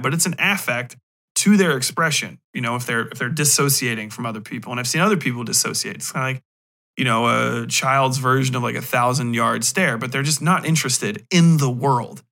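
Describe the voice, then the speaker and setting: A man's voice: mid-range voice, bright, forceful tone. A man hosting a podcast, talking through a film in a frank, rambling, casual monologue. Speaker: podcast host. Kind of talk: casual movie review monologue.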